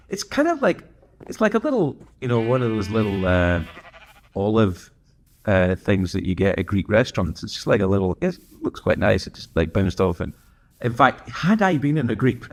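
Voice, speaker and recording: A man hosting a livestream, telling rambling, self-correcting stories in casual chat while gaming. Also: fairly low pitch. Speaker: livestream host.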